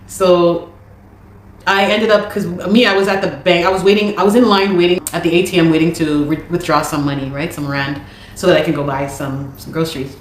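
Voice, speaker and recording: A woman, telling a personal story in an animated, indignant way. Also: lowish voice, roomy sound, slight background noise. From Canada. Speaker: storyteller recounting a dispute.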